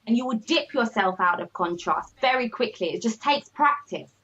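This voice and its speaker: Animated woman coaching. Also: a little high, normal speed. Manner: animated, emphatic, repeats "all right?" and "okay?". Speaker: business coach, guest. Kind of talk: motivational conversation. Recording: slightly muffled lo-fi audio.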